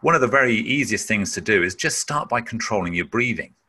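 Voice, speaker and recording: A man's voice: fairly low pitch, animated, a little fast, bright, forceful tone, slightly rough. A man giving a webinar talk on managing emotions, explaining emphatically and sometimes acting out sounds. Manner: emphatic, acts out breath-holding sounds. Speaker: webinar speaker.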